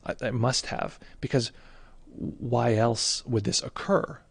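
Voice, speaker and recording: Reflective husky-voiced man. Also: mid-range voice, steady tone, dry recording. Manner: reflective, halting, many fillers and restarts. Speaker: meditation teacher. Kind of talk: casual livestream talk.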